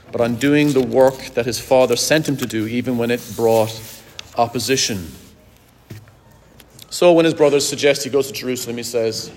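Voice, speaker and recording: A pastor preaching a sermon to his congregation, earnest and direct, slowing down to stress key words. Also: mid-range voice, darkish tone. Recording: long hall reverb.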